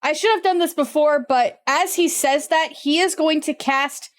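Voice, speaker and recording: A woman's voice: sits high, moderate pace. A young woman running a tabletop game, thinking aloud while she checks the rules. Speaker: game master.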